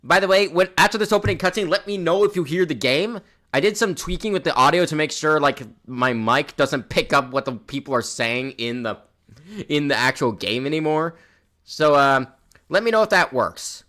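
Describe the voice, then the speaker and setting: A man's voice: a little high, normal speed, sharp tone. A young man streaming a game in casual chat, rambling and restarting his words, with a slightly sore throat. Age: young adult.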